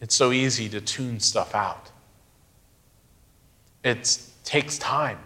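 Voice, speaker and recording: Middle aged guy preaching, slow and thoughtful, leans on key words, average pitch voice. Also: bright, forceful tone. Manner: slow, reflective preaching with emphatic pauses. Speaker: pastor. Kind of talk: sermon.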